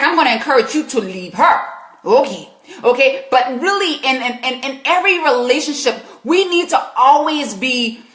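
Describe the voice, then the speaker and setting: A woman's voice: high voice, fairly bright tone, echoey room. Emphatic South Carolina woman life coach. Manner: emphatic, preachy, talks back to viewers' comments. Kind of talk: live Q&A advice stream.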